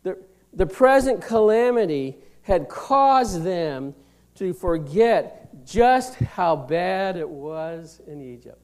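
A high-pitched male preacher works through a scripture passage, reading the old verses slowly and then explaining them in plain words. He swings from loud, emphatic lines down to hushed near-whispers. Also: animated. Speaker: pastor. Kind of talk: sermon.

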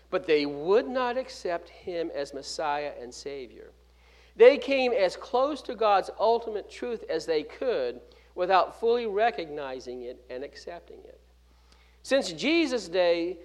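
High-voiced man preaching with emphatic swings. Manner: emphatic preaching with sharp swings from loud to hushed; fills gaps with 'uh' and restarts words mid-phrase. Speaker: pastor. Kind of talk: sermon.

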